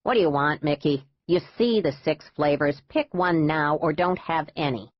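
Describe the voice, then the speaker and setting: A man's voice: a little high, moderate pace, no echo, natural voice. A woman reading an audiobook, voicing a stern tourist father who talks in a curt, no-nonsense way. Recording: dull dry lo-fi audiobook.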